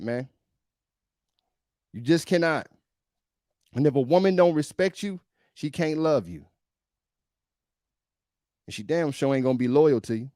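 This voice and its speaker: Man, podcast host, reaction commentary, emphatic and preachy, slightly high voice, dry close sound. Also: warm tone, dry recording.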